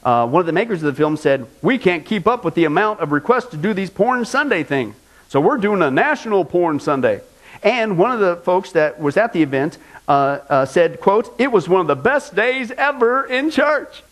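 Animated preaching man. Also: on the high side, normal speed. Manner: animated preaching, mocking impressions. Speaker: pastor. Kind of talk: sermon.

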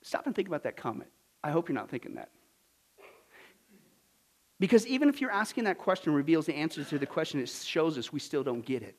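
High-pitched pastor preaching emphatically. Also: male voice, lively intonation, a little fast, pauses often. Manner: swings from low and quiet to loud and forceful; emphatic and indignant, with repeated phrases. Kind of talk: sermon.

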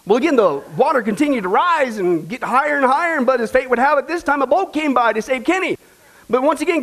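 A man's voice: very high voice, lively intonation, quick pace, a bit bright. A man, a pastor, preaching a sermon in a folksy, joking way and calling his congregation folks. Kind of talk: sermon with a joke. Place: church.

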